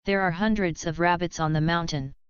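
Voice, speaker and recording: A woman's voice: lowish voice, fairly even intonation, a little fast, clear, resonant tone, no room sound, natural voice. A woman voicing a clever male rabbit trickster who coaxes and persuades, in a dull lo-fi recording. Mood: coaxing. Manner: coaxing, persuasive.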